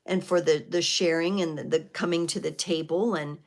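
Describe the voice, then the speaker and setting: Brief: middle-aged woman, tarot livestream host, lowish voice, reflective and searching. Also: steady tone, normal speed. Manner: reflective, spiritual, with many fillers and restarts. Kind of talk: live tarot reading, casual talk.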